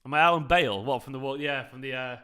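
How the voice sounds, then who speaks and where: A man's voice: mid-range voice, quick pace, pushed and bright, clear, resonant tone. A young man hosting a football watchalong, chatting casually and laughing as he answers his live chat. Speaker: fan channel host.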